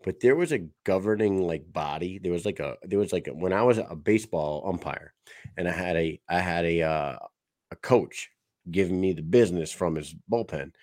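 A man's voice: deep voice, animated, normal speed, darkish tone, no echo, clean studio sound. A man in casual sports chat on a podcast, telling rambling, profane stories with lots of animation. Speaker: podcast co-host.

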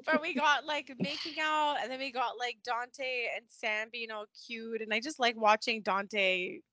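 A woman co-hosting a casual podcast chat, animated and laughing often, acting out characters' lines as she recaps. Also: fairly high pitch, measured pace, dry recording. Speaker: podcast co-host.

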